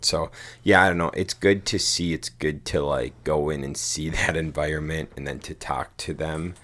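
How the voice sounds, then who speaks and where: A man's voice: extremely low pitch, steady tone, normal speed, fairly bright tone, a little hiss or hum. A man co-hosting a podcast, telling a rambling story in casual chat, swearing casually and saying "dude" and "like" a lot. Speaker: podcast co-host.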